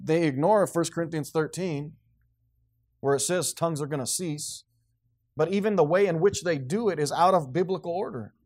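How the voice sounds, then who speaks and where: A man delivers a sermon from the pulpit with a fairly high voice. He preaches emphatically, often restarting his sentences. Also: normal speed, darkish tone. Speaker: pastor.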